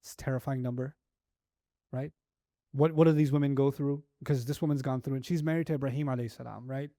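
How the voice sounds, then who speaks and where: A man's voice: medium pitch, fairly even intonation, fast, warm tone, no room sound, studio quality. A man teaching a Quran lecture, telling stories with animation and asking many rhetorical questions. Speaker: Islamic teacher.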